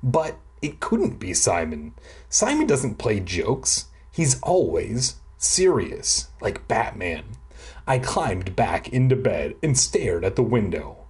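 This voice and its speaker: A man reads a kids' spooky chapter book aloud and mocks the text as he goes. His voice is husky and breathy, his pace slow, and his pitch swings widely between dry asides and big dramatic lines. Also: very animated, darkish tone. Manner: sarcastic asides mocking the text. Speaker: reader. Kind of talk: comic drunk read-aloud of a kids' horror book. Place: at home.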